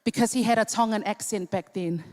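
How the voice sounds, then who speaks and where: A woman's voice: mid-range voice, fairly quick, darkish tone. A woman in her fifties doing cheeky live comedic banter as the entertainer at a charity dinner in a large hall. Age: 50s. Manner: cheeky, teasing the audience.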